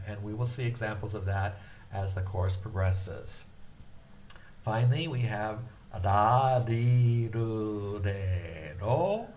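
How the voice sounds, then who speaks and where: An older male teacher giving a slow, patient beginner lecture in a somewhat low voice. He pauses often and stretches out each syllable with care. Faint ambience hums behind him. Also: darkish tone, a little hiss or hum. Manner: slow and patient, with frequent hesitations; drawn-out, carefully sounded-out syllables. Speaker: language teacher.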